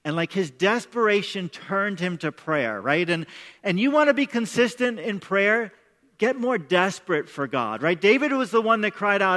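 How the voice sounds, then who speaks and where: A man's voice: high voice, expressive, moderate pace, bright, forceful tone. A middle-aged man preaching a sermon as pastor, speaking in an emphatic, conversational way and often repeating words as he starts sentences. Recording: long reverb of a large hall.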